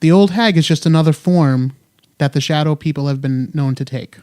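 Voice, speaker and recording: A young man hosts a podcast at home, chatting loosely and joking, with a lot of ums along the way. His voice sits a little high for a man. The recording is close and dry, with no room sound. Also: normal speed, warm tone, smooth, no echo. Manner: joking, rambling, many fillers. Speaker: podcast host. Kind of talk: casual chat.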